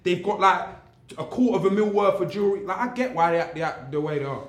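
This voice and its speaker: A man's voice: sits high, fast. A young man, a guest animatedly telling a story in casual chat, full of slang and repeats. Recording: echoey room.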